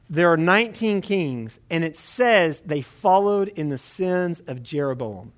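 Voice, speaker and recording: A man preaching a Bible teaching sermon in a conversational, animated way, often checking in with the listeners. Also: a little high, unhurried.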